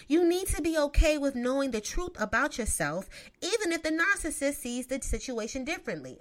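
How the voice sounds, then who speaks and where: Lively, sassy woman with a swooping voice. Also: high-pitched. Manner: profane, emphatic, sassy asides. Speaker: vlogger giving relationship advice. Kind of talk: casual advice monologue.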